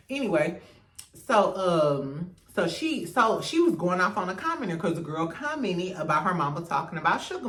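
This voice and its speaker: A woman's voice: fairly low pitch, a bit bright, recorded from a distance. A woman hosting casual reality TV gossip commentary in a sassy, profane way, laughing often. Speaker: host. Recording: roomy echo, off-mic.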